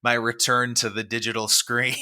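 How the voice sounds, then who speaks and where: Bright and forceful yet level in tone, a middle-aged man's mid-range voice moves at a moderate pace. Co-hosting a podcast, he chats casually, telling a rambling story that pokes fun at himself, with frequent laughs.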